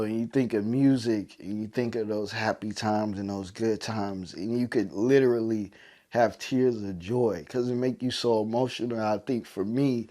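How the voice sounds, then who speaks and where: Man, podcast host, fairly low voice, tearful, heartfelt monologue, repeating lines like a sermon. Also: mellow. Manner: emotional, preacher-like repetition. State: teary, overcome with emotion.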